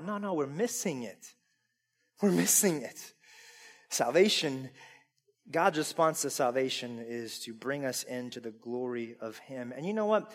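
A man preaching a sermon to a congregation. He asks them questions and climbs from easy conversation to loud, full-voiced preaching. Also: mid-range voice, animated, unhurried. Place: church sanctuary. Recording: long reverb of a large hall.

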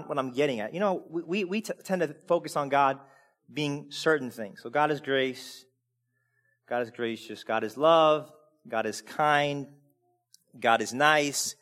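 A man with a high voice preaches with lively swings between hushed asides and loud, emphatic peaks. He often stumbles and repeats words as he restarts a thought. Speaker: pastor. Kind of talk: sermon.

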